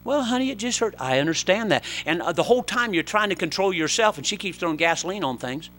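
Forceful, bright-voiced male preacher. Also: a little high, expressive, fast, a little hiss or hum. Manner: forceful preaching, swinging between loud exhortation and quieter asides. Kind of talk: sermon.

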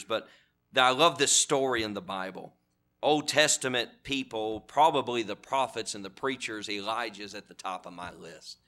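A man's voice: lowish voice, sharp tone. A man preaching a sermon in a church, telling folksy stories and building to fervent, repeated appeals. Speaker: guest preacher. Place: church sanctuary.

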